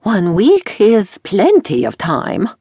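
A woman's voice: medium pitch, huge pitch swings, slow, mellow, husky, no echo, pitched above the performer's own voice, exaggerated voice. A woman voicing a fussy, flamboyant middle-aged male dressmaker in an audiobook, with a theatrical, gushing manner. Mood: indignant.

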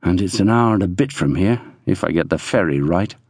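A man's voice: sits low, animated, a little fast, darkish tone, husky, no room sound, clean studio sound, voice pushed down, heavily acted. A male narrator voicing a breezy, teasing young British army soldier in an audiobook. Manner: breezy, joking.

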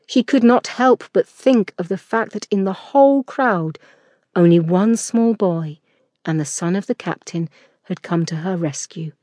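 A woman narrating a historical romance audiobook in a measured, expressive reading. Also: on the low side, dry recording.

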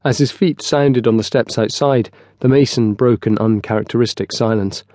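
A man narrating a historical novel in a steady, scripted storytelling style, close on a studio mic. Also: medium pitch, moderate pace, no room sound. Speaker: audiobook narrator.

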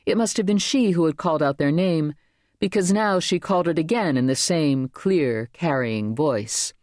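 A woman's voice: moderate pace, no room sound, studio quality. A woman reading a contemporary novel aloud as an audiobook narrator, lifting her voice for the characters. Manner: lively, voices characters with raised pitch. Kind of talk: scripted narration.

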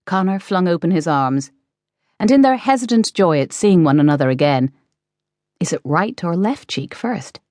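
A woman's voice: lowish voice, expressive, darkish tone, no echo, clean studio sound. Woman narrating an audiobook. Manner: measured storytelling. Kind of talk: scripted narration.

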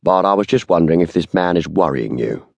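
A man reading the part of a blunt, gruff police constable who rumbles his words and uses rough grammar. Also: lively intonation, fairly quick, no room sound, full character voice. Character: gruff stolid male London constable.

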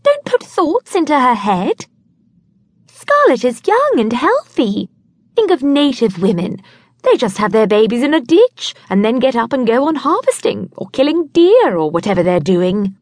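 Woman voicing a bossy young friend, brisk, raised pitch, dry sound. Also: big pitch swings, no echo.

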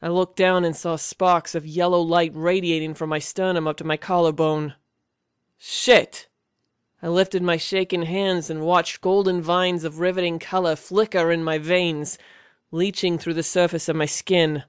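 A man's voice: fairly high pitch, flat delivery, moderate pace, clear, resonant tone, no room sound, clean studio sound. A man reading a first-person fantasy audiobook in a tense, vivid storytelling manner. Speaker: audiobook narrator.

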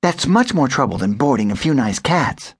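A young female house cat from a children's storybook, played by a man. She talks briskly and a little self-importantly in a lifted, lively voice with a husky edge. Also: medium pitch.

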